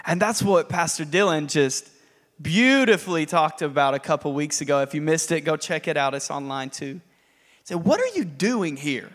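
A man preaching a sermon in a chatty, animated way, laughing between lines. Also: fairly high pitch, normal speed. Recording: long hall reverb.

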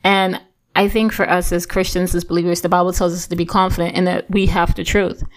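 A woman's voice: on the low side, flat delivery, fairly quick. A woman giving a casual Christian devotional talk, earnest and encouraging, chatty with lots of fillers and restarts. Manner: conversational, full of fillers and restarts. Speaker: Christian teacher.

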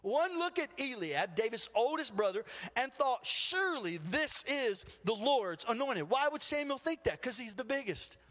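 High, bright-voiced preacher in a hall. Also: male voice, normal speed. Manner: storytelling, animated retelling with acted quotes. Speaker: pastor. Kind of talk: sermon.

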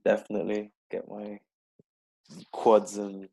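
Low-voiced man hosting a casual chat. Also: unhurried, slightly rough. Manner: relaxed, rambling with fillers. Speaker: podcast host. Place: London-based.

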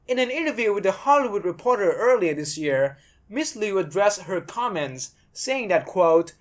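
A woman's voice: medium pitch, very animated, normal speed. A woman hosting a podcast, giving blunt, sarcastic commentary and swearing freely. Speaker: podcast host.

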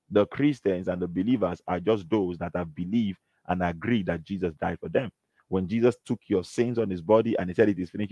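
Deep-voiced preacher. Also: male voice, darkish tone, dry recording. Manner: earnest, emphatic, quotes scripture. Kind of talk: sermon. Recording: dull, slightly lo-fi.

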